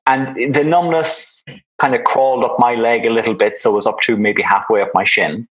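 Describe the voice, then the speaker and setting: A man in his fifties with an Irish accent, telling his story as an interview guest in a measured way. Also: medium pitch, fairly even intonation, fairly bright tone, poor audio. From Ireland. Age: 50s. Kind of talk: conversational interview.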